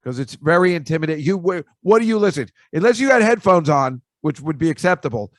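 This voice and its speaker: A man's voice: fairly high pitch, expressive, fast talker, dry recording. Chatty man rambling in a dry room. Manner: rambling, chatty, jokey asides. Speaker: podcast host. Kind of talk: casual storytelling monologue.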